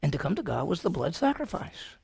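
Male preacher with a gravelly edge, animated sermon delivery, calls out rhetorical questions and leaps up in pitch for emphasis. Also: a little fast. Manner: pitch jumps high when emphatic.

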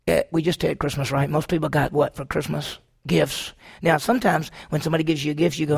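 Gravelly high-voiced preacher man. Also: steady tone, fast talker, few pauses. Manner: emphatic preaching with rhetorical questions. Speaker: pastor. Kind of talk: sermon.

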